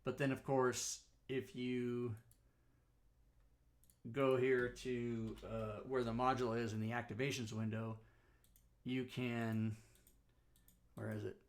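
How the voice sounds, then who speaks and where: A man's voice: mid-range voice, little pitch movement, slow, pauses often. Rambling man hosting a live stream. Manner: rambling, self-correcting, chatty. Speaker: talk show host. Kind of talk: casual live-stream software walkthrough.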